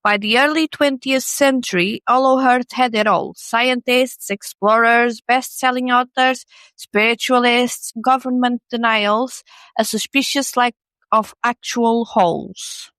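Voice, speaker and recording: A woman with a fairly high voice narrates at an unhurried, deliberate pace. She tells the story with wry, sarcastic asides, like a comedic podcast co-host. The sound is close and dry. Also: steady tone, a bit bright, clean tone, no echo.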